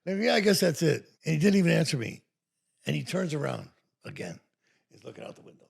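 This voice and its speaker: A man in his sixties, an actor, telling anecdotes in a casual, animated way and acting out what others said. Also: fairly high pitch, fast talker. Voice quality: gravelly, husky. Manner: animated, laughs while telling, acts out quoted lines. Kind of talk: casual storytelling.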